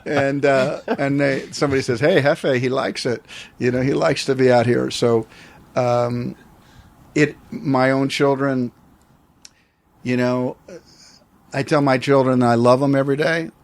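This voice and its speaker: Man in his 60s, interview guest, reflective storytelling, middling pitch, rambling. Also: fairly even intonation, measured pace, gravelly, pauses often. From United States. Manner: reflective, rambling with many restarts.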